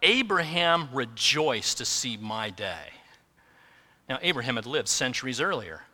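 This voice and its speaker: A man preaching a sermon in earnest, building to emphatic peaks and then dropping low and slow. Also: very animated, pushed and bright, in a large hall. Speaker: pastor.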